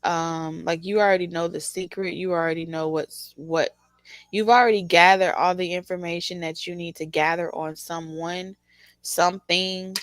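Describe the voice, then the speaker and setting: A woman giving a casual, animated tarot reading, teasing the listener and laughing often. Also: lowish voice, moderate pace, dry recording. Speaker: tarot reader.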